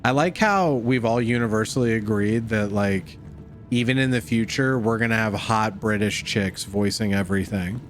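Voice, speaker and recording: A man's voice: on the low side, normal speed. A young man streaming a space game, giving casual commentary full of cursing, jokes and laughter. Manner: profane, joking, laughs often, calls everyone dude. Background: game music.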